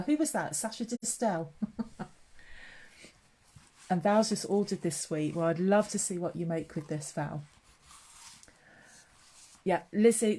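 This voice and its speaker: Middle-aged lady chatting on a craft livestream, lowish warm voice, natters on to viewers. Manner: chatty, answers viewers' comments by name. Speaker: papercraft live-stream host. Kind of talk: casual live-stream chat.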